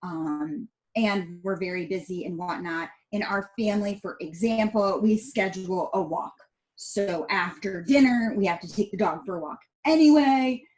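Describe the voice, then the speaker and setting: As a podcast guest, a middle-aged woman tells her story in a casual, animated way, performing family dialogue along the way. She speaks at a moderate pace in a mid-range voice, and the audio is poor.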